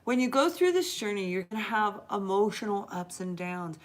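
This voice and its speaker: A middle-aged woman hosts a live tarot reading, her voice sitting at an ordinary middle pitch. She speaks earnestly and warmly encouraging, addressing viewers directly and leaning on key words by drawing them out. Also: sing-song. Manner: earnest, encouraging, talks straight to viewers with drawn-out emphasis. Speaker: tarot reader and host.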